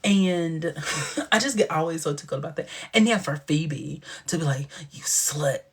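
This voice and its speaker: A man's voice: on the high side, moderate pace, fairly bright tone, breathy edge. A man hosting a casual livestream, gossiping in a sassy way and often dropping into a whisper. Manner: sassy, gossipy retelling with sudden dips into whispers. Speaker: livestream host.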